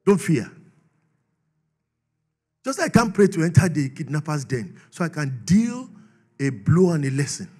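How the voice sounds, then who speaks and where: Husky, lively Nigerian preacher man. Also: normal speed, long pauses, faint music behind. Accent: Nigerian English. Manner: swings from loud shouted declarations to low murmured asides, laughing often. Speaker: pastor. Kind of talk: sermon.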